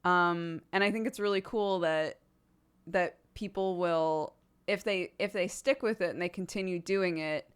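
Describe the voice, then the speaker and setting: A woman's voice: fairly low pitch, measured pace, smooth. A young adult woman streamer chatting casually, theatrical and self-deprecating, often laughing and acting out quotes. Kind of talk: casual chat.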